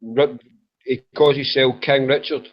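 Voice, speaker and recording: A man's voice: medium pitch, fairly even intonation, unhurried. Scottish man, swearing, joking, casual voice chat, muffled old mic. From Scotland. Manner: swearing, joking, laughs at own stories. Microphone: old computer mic. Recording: dull old microphone.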